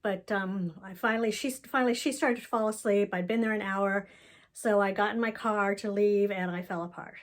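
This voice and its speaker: A woman's voice: mid-range voice, fairly even intonation, normal speed. A woman giving a candid, rambling personal video update about her family, telling the story with emotion.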